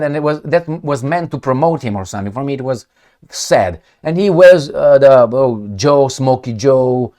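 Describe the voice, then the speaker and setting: A man's voice: mid-range voice, darkish tone. A middle-aged man from Romania with a Romanian accent, giving sarcastic, digressive commentary from home. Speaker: political commentator. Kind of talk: casual commentary vlog. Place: at home with his cat.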